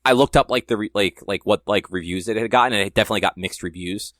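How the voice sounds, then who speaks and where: A man's voice: fairly low pitch, fast talker, fairly bright tone, no room sound, studio quality. A young man co-hosting a podcast, rambling in casual chat and leaning hard on filler words. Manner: rambling, heavy use of "like". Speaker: podcast co-host.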